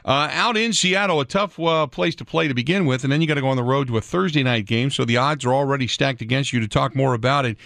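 A man's voice: mid-range voice, fairly bright tone, dry recording, clean studio sound. A man hosting sports radio, asking long conversational questions backed with statistics. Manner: conversational, asks long set-up questions with stats.

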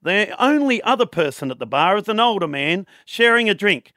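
A man's voice: high-pitched, very animated, brisk, sharp tone, no echo, studio quality. A man hosting a radio show, teasing his co-host with laughs and telling jokes in casual banter.

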